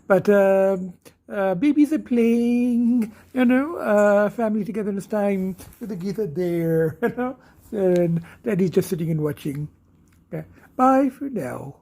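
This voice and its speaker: A man's voice: sits high, a little slow, warm tone. An older man chatting casually in a vlog, rambling with lots of fillers and restarts, talking from inside his car. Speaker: vlogger. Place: inside a car at a tire shop.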